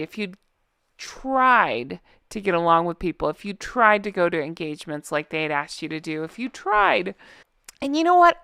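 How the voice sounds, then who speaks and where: A woman's voice: on the low side, gravelly, a bit bright, clean tone, no echo, clean studio sound. A woman vlogger giving casual, sarcastic reaction commentary on a book, blunt and swearing, with laughing asides.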